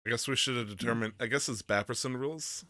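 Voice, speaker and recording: A man's voice: medium pitch, fast, bright, forceful tone, dry recording, studio quality. A man from Michigan hosting a podcast, joking around and laughing easily in casual chat. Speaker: podcast host.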